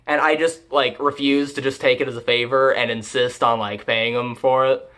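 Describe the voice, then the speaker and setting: Young adult anime reviewer, casual recap, heavy fillers and swearing, middle pitch. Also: moderate pace. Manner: rambling, profane, filler-heavy, deadpan jokes.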